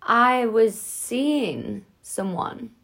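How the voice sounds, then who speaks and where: A woman's voice: fairly high pitch, lively intonation, extremely slow, a bit bright. A young woman hosting a podcast, chatting casually with many "like"s and "um"s. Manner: chatty, lots of "like" and "um". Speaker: podcast host. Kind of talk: casual chat.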